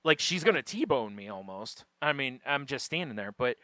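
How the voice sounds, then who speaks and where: A man co-hosting a podcast, telling a funny everyday story in a casual, animated way and laughing often as he goes. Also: medium pitch, normal speed, no room sound, clean studio sound. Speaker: podcast co-host.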